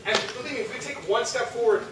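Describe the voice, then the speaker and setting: A young man with a high voice gives a talk to an audience. He keeps it chatty and ends sentences with "right?" He sounds far from the mic in a very echoey, noisy hall. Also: fast. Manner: conversational, asks the audience, frequent rhetorical "right?". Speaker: lecturer. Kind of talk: religious youth talk.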